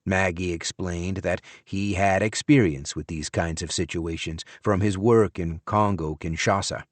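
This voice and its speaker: A man's voice: fairly low pitch, no room sound. Man narrating an audiobook, dry sound. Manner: measured, even storytelling. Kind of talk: first-person audiobook narration.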